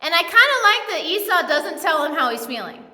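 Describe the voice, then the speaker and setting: A woman's voice: very high voice, sing-song, a little fast, sharp tone. A woman pastor giving a sermon in a church, retelling the story in a casual, humorous way. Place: church sanctuary. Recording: echoey church hall.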